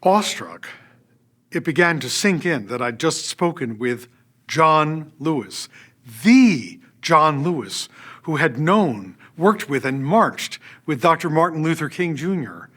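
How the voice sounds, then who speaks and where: Reading from a script, the older orchestra artistic director recounts personal anecdotes without hurrying, his pitch slightly high. When he quotes others, he animatedly acts their words out.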